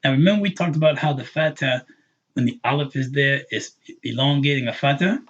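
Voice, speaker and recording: Man, language teacher, husky voice, patient, repeats words slowly, slightly muffled live stream audio. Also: mid-range voice. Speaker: Arabic teacher. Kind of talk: live online language lesson.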